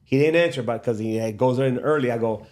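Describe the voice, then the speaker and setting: A middle-aged man, a podcast guest and father, telling a story in a casual, animated way and acting out the dialogue. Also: mid-range voice, a little fast. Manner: animated, acts out quoted dialogue, laughs often.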